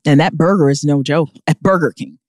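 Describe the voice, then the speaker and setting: A woman co-hosting a podcast in casual chat, animated and jokey, sometimes dropping into mutters and whispers. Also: sits low, brisk, no echo, studio quality. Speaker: podcast co-host. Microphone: studio microphone.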